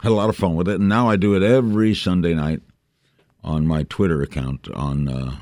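A man in his eighties from New York, a veteran broadcaster telling stories in a brisk, rambling interview chat. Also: sits low, fairly even intonation, darkish tone, no echo. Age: 80s. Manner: brisk, anecdotal, jumps between thoughts.

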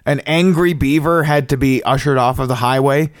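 A man's voice: medium pitch, normal speed, clean tone, no room sound, clean studio sound. A Canadian man hosting a podcast, chatting casually and joking with his guest. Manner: joking, rambling with fillers. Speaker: podcast host. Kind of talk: casual interview chat.

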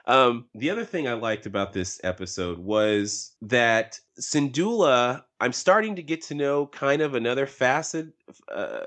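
A man in a casual podcast chat talks in a rambling way, pushing his points with animated emphasis. His pitch sits in the middle range for a man. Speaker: podcast co-host. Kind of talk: casual discussion.

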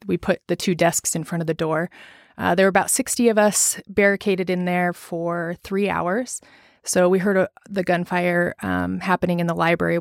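A woman in her thirties speaks in a halting, reflective way, pausing often as she searches for words. Her voice sits a little low, and the sound is close and dry with no room around it. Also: creaky, dry recording. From Colorado, US. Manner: halting, reflective, with many pauses and fillers. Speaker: teacher, interviewee. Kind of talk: personal recollection in an interview.

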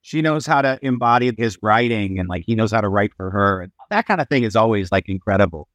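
A middle-aged man in casual podcast chat, a lively storyteller who acts out the voices of people he quotes. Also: on the low side, fast, no echo. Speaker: guest musician.

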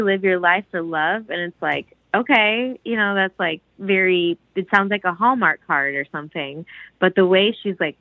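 A podcast co-host with a medium-pitched voice chats casually and enthusiastically about a song, restarting sentences and using plenty of fillers. The audio is dull and lo-fi, with no room sound.

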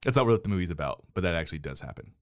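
A middle-aged man co-hosts a relaxed movie podcast, playing the wry, mock-exasperated father. His voice sits on the low side and comes across smooth and resonant. The booth sound is dry and close, with no room echo. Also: racing. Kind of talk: casual movie chat. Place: studio booth.

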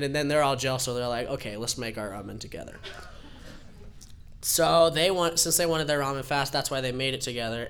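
A man's voice: a little high, smooth. A young man telling a rambling, laughing personal story at a live storytelling event. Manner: rambling, laughing, animated retelling.

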